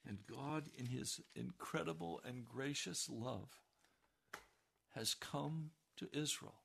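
A man preaching a sermon with passion, dropping to hushed warnings and rising to loud declarations. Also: medium pitch, slow, creaky, slightly rough. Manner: impassioned, swings between hushed warnings and raised declarations.

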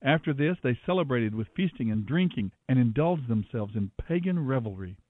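A man reading the Bible aloud in a steady, measured manner as the show's regular reader. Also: medium pitch, dry recording. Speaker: scripture reader. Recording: dry, phone-like narrow sound.

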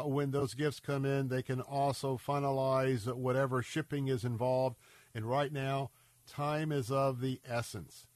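A man's voice: medium pitch, a little mellow, no echo. Male radio host pleading for donations, earnest and urgent, a bit congested and scratchy, dry studio mic. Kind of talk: radio fundraising appeal.

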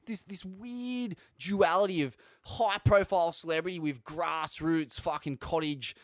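Australian male podcast co-host, high voice, sweary, rambling, animated. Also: measured pace, no echo, clean studio sound. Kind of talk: casual chat.

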